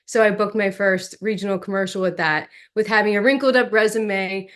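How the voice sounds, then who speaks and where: A young adult woman, an actress, telling animated stories as an interview guest. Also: medium pitch, moderate pace. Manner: animated, lively storyteller. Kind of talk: storytelling in an interview.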